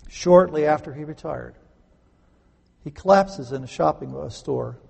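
A man preaching a sermon, emphatic, swinging between loud stresses and quiet conversational asides. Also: a little high, a little slow, gravelly, pauses often, slightly rough. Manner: conversational, explains grammar with homely examples. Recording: echoey hall.

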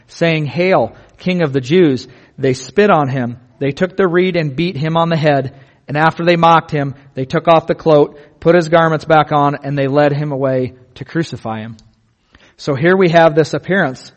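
A man preaching a sermon in an earnest, vivid way, slowing down on key words. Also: a little high. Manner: earnest, vivid, slows down for emphasis.

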